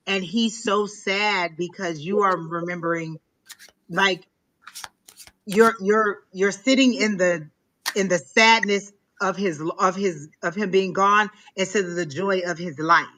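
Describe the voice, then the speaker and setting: Woman tarot reader on a live stream, bright voice, keeps stopping and repeating herself. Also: fairly low pitch. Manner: emotional, halting, repeats herself. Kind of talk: live psychic reading.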